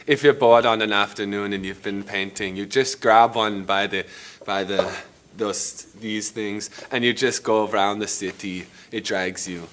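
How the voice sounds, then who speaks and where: A man's voice: on the low side, fairly even intonation, a little slow, a bit bright. An actor playing a rambling, eccentric male painter in a comedic mockumentary interview, talking casually and crudely.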